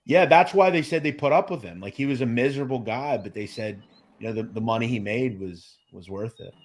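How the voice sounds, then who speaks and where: A man's voice: mid-range voice, brisk. A man talking frankly and casually in an online chat, retelling stories and admitting his mistakes. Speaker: guest.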